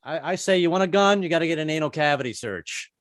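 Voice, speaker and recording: A man's voice: on the high side, animated, quick pace, no room sound, studio quality. A man in his fifties doing a stand-up comedy set, rambling and self-mocking, with many restarts.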